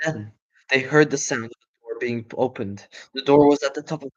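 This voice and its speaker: A man narrating a children's book in a live read-aloud, expressive, with chatty asides. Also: mid-range voice, normal speed, dry recording, lo-fi sound. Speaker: storyteller.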